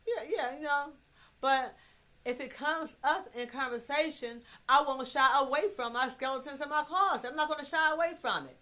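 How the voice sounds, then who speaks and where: A woman musing in a casual monologue, blunt and profane, swinging from hushed asides to emphatic loud bursts. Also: high-pitched, normal speed. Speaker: vlogger.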